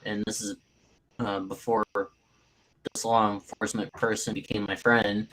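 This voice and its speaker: Lower-voiced man in casual chat. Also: flat delivery, measured pace, a bit bright, a little hiss or hum, low-quality recording. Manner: rambling, hesitant with fillers.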